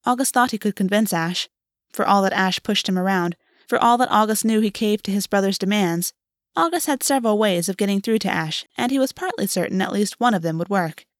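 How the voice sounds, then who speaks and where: A woman's voice: mid-range voice, brisk, no echo. Woman reading fiction aloud, dry sound. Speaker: audiobook narrator.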